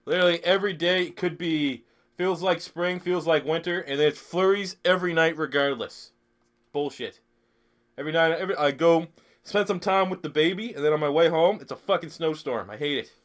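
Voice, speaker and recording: A man's voice: fairly high pitch, a little fast, fairly bright tone. Sick, swearing Canadian man streaming a game. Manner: profane, rambling, answers chat questions. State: sick, throat-clearing. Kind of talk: live-stream gaming commentary.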